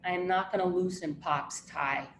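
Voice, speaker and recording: A woman's voice: fairly low pitch, steady tone, normal speed, natural voice. A woman playing a bossy, tense grieving sister. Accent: New Jersey. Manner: clipped, bossy and exasperated. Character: tense, prim grieving eldest sister, middle-aged. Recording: roomy echo, faint noise.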